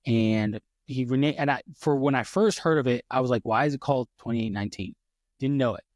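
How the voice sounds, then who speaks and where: A man's voice: medium pitch, fairly quick, a little mellow, no room sound, studio quality. A man co-hosting a faith podcast, talking with eager enthusiasm and often stopping mid-sentence to restart. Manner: enthusiastic, rambling, many restarts. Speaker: podcast co-host. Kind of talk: casual faith podcast chat.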